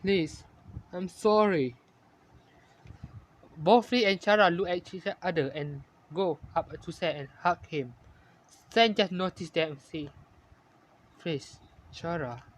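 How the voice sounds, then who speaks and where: A man narrating a fan-made story in halting, ungrammatical English, often correcting himself. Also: high voice, fairly bright tone.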